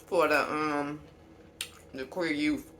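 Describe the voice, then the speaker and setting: A woman who runs a small business, chatting candidly to camera while eating, with long pauses and fillers. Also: sits low, steady tone, fairly bright tone, slight background noise. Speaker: small business owner and vlogger. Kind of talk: casual mukbang chat to camera.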